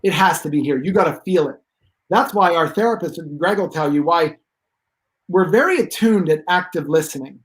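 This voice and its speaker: A man's voice: fairly high pitch, lively intonation, normal speed, low-quality recording. A man speaking as a guest expert on pain relief, telling stories emphatically with rambling asides. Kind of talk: animated storytelling.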